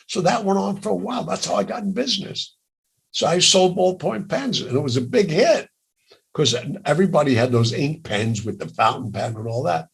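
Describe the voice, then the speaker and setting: An older man with a raspy voice, telling lively jokey stories as an interview guest. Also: on the high side, normal speed. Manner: animated, jokey, laughs through stories. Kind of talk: storytelling in a casual interview.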